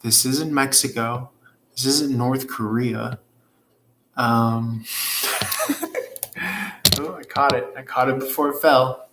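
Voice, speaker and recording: Slow-talking man in a roomy space. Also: mid-range voice, steady tone, background noise. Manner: rambling, profane, reads out chat comments. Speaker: tarot reader hosting a livestream. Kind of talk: casual livestream chat. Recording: roomy echo with faint ambience.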